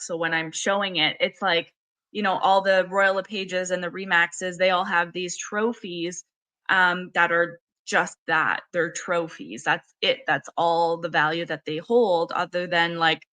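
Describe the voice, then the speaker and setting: Bright-voiced woman interview host. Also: fairly low pitch, little pitch movement, measured pace. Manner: enthusiastic, talks with filler words. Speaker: podcast host. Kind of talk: casual interview chat.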